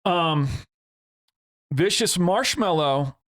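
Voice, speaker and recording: A man co-hosting a podcast in casual chat, joking in a dry, deadpan way. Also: high-pitched, drawn-out words, no room sound. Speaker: podcast co-host. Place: podcast studio.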